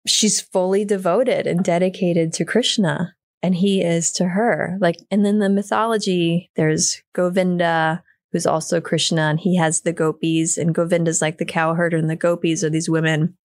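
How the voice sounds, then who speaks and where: Middle-aged woman guest, low and gravelly, vividly acts out quotes while telling a story. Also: flat delivery, moderate pace, a little mellow, no echo, studio quality. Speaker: podcast guest, yoga teacher and therapist. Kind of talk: storytelling in casual conversation.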